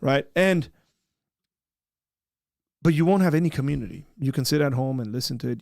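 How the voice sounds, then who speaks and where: A man hosting a casual podcast, animated and quick to laugh, then turning earnest. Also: mid-range voice, gravelly, no room sound, clean studio sound. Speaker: podcast host. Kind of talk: casual chat.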